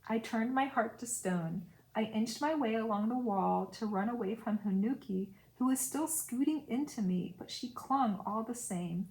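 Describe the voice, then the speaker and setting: Brief: a woman narrating a novel with quick casual commentary. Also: fairly high pitch, darkish tone, poor audio. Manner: reads aloud with brief casual asides. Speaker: audiobook reader.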